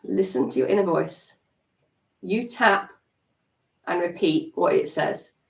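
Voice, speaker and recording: A woman coaching an EFT tapping session on a live stream, animated and acting out her inner self-talk. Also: lowish voice, slow pace, gravelly. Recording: roomy sound, mic at a distance.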